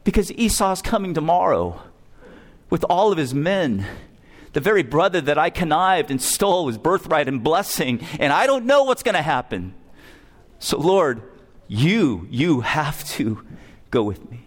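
Casting: preacher doing a frightened man clinging to God in prayer, urgent and pleading, slow and drawn out. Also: a little high, big pitch swings. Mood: desperate pleading.

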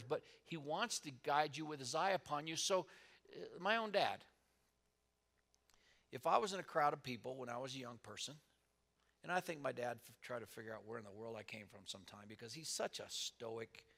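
A male pastor preaching a sermon, moving between soft, quiet asides and loud, emphatic lines. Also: medium pitch, creaky.

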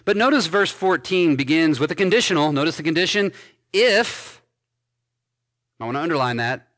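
Pastor guy preaching, slightly high voice, punches key words then drops soft. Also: lively intonation, fast talker. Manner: emphatic preaching, swinging between loud stresses and dropped soft endings; reads scripture aloud and comments on it. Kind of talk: expository sermon.

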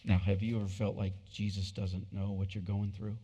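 A male pastor delivering a sermon, shifting from quiet, intimate passages to loud, excited bursts, on a wireless body mic. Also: lowish voice, normal speed, breathy edge, big-room sound.

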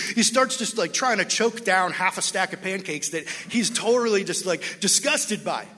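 A man preaching a sermon to a church congregation, telling a story and acting out its dialogue in an animated way. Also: high voice, normal speed, few pauses. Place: church sanctuary. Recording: long hall reverb.

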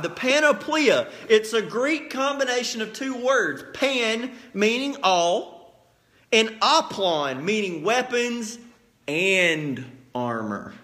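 High-voiced, animated preacher. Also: male voice, slow pace. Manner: animated storytelling, acts out scenes. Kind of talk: sermon.

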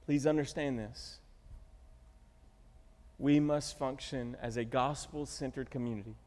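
A man's voice: medium pitch, steady tone, a little slow, darkish tone. A middle-aged man preaching a sermon as pastor, telling stories animatedly and acting out the quotes. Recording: reverberant church hall.

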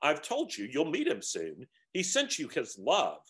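A man voicing a calm, kindly male spirit in a story reading, speaking gently and without hurry. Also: fairly high pitch, a little slow, exaggerated voice. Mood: serene.

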